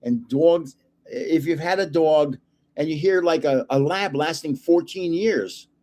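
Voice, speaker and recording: An older man hosts his own stream in loose, casual chat. His voice sits a little high for a man. He wanders through stories with fillers and pauses. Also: dark tone. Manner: rambling storyteller with fillers. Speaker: host of a card channel.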